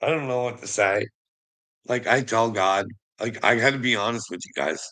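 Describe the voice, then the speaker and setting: A man in a profane, emotional rant who swears constantly, laughs between lines and swings from low muttering to shouting. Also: normal speed, poor audio.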